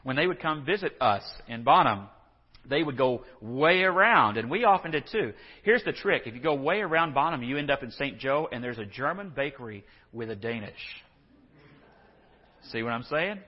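Folksy husky-voiced Texas preacher. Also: male voice, mid-range voice, in a large hall, lo-fi sound. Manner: folksy, joking asides, acts out scripture dialogue. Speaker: pastor. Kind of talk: sermon.

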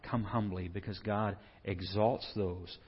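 A man's voice: deep voice, fairly even intonation, measured pace, breathy edge. Man preaching in a dull echoing hall. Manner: acts out quoted prayers loudly, then drops to a quiet, hushed tone. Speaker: pastor. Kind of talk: sermon.

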